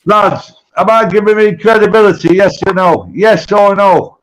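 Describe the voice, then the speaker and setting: Brief: high-pitched man, pushy banter on a call, swears and repeats. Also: moderate pace, low-quality recording.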